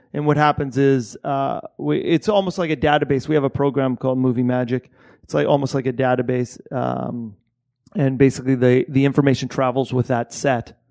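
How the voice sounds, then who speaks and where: A man's voice: medium pitch, gravelly, darkish tone. A man from Canada, an assistant director, talking loosely in a casual interview, restarting his sentences and swearing often. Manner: rambling, frequent swearing and restarts.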